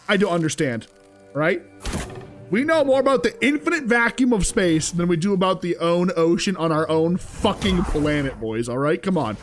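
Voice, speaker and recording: Young male streamer, lively and expressive, talks to chat, swears casually, music behind. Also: high-pitched. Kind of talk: casual gameplay commentary.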